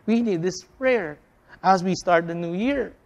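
A preacher delivering a sermon with a repetitive, emphatic cadence, calling the listeners friends and swinging between loud stresses and soft, drawn-out phrases. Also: medium pitch, long reverb tail.

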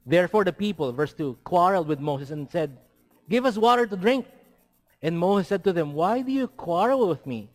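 A man's voice: on the high side, animated, fairly quick, hardly any pauses, darkish tone. A man preaching a sermon, asking his listeners rhetorical questions and dropping in Tagalog words.

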